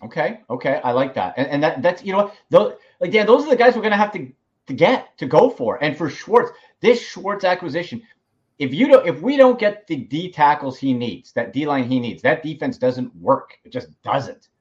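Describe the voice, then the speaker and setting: A man hosting a podcast, talking sports in a casual, emphatic way and reacting quickly to his guest. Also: fairly high pitch, lively intonation, lo-fi sound. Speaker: podcast host.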